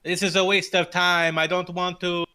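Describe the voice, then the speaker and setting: A man's voice: high voice, flat delivery, normal speed, bright, forceful tone, clean tone, pitched above the performer's own voice. A man voicing a female town steward who defends herself indignantly.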